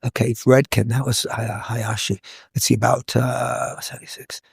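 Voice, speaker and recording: A man in his sixties, a hair educator, telling stories from his career in a lively podcast chat, acting out the voices of people he quotes. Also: medium pitch, moderate pace, creaky, slightly rough. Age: 60s. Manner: animated storyteller, acts out quoted voices. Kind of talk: casual podcast storytelling.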